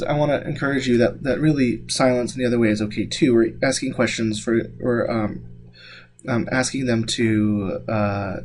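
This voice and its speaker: A male instructor lectures a class in a loose, conversational way, circling back and restarting his sentences with plenty of fillers. His voice sits at a middling pitch, and a faint noise hangs behind the recording.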